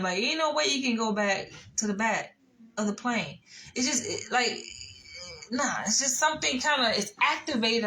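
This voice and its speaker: A young adult woman from Florida, telling stories in a blunt, profane, animated casual chat. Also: fairly high pitch, poor audio. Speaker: vlogger.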